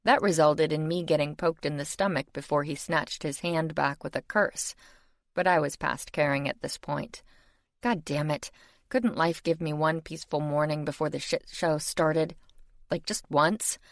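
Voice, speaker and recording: A woman's voice: deep voice, fairly even intonation, moderate pace, dry recording, studio quality. A woman narrating a first-person fantasy audiobook in a wry, exasperated tone.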